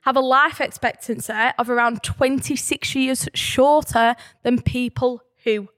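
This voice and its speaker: Northern English woman, animated podcast co-host, high bright voice, passionate teacher talk. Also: unhurried. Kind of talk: casual podcast chat.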